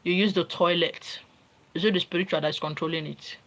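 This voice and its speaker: A woman's voice: lowish voice, fairly even intonation, a little fast, fairly bright tone, slight background noise, rough recording. A woman with a Nigerian accent giving an informal spiritual teaching, talking in an emphatic, repetitive, lecturing way.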